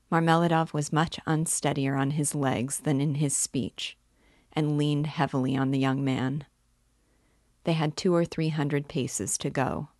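A woman narrating a classic novel as an audiobook reader and guide, in a measured, even way. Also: deep voice, no echo, clean studio sound.

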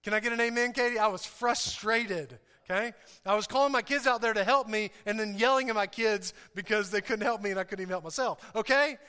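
A man's voice: sits high, brisk, pushed and bright, clear, resonant tone, long reverb tail. A man preaching a sermon, telling a story with self-deprecating humor, repeats and laughs. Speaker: pastor.

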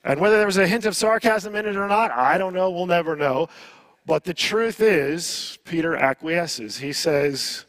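High-voiced male pastor preaching. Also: moderate pace, fairly bright tone, no room sound. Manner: conversational preaching with rhetorical questions. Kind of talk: sermon.

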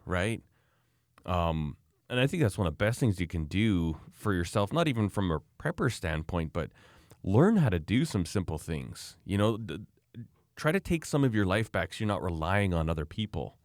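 A man's voice: deep voice, very animated, fairly quick, dry recording, studio quality. A man chatting casually on a podcast, rambling with fillers and restarts. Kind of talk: casual chat.

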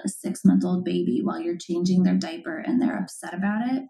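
A woman's voice: on the low side, brisk, creaky, dark tone, low-quality recording. A woman hosting a parenting podcast, explaining ideas earnestly in casual conversation with plenty of fillers. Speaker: parent coach, podcast host.

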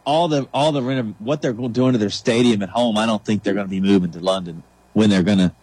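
A man's voice: fairly low pitch, quick pace, a little mellow, husky, dry recording. A man who is a regular on a sports radio show, chatting casually and restarting his phrases.

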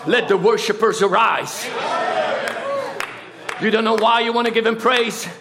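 A man with a strikingly high voice preaches slowly and deliberately, drawing out his words. His sermon is fervent and he often shouts out his praise. A congregation can be heard clearly behind him. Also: steady tone, roomy sound, a loud crowd. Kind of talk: impassioned sermon.

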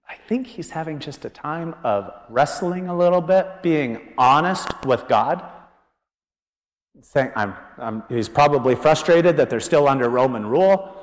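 Lively preaching man in a reverberant hall. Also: a little high. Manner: animated, joking, thinking aloud. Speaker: pastor. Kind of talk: conversational sermon. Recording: long reverb of a large hall.

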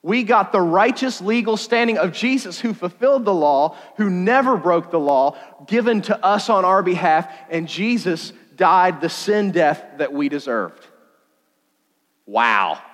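High-voiced guy preaching, jokey and animated, big echoey church hall. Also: moderate pace, few pauses. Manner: animated, jokey, with sudden loud bursts. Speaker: youth pastor. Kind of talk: sermon. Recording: long hall reverb.

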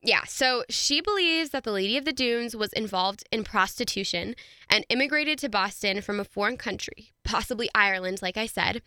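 A woman's voice: mid-range voice, animated, normal speed, pushed and bright, clear, resonant tone, no echo, studio quality. A woman co-hosting a casual true-crime podcast. She chats easily, laughs often and reads quotes aloud. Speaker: podcast co-host.

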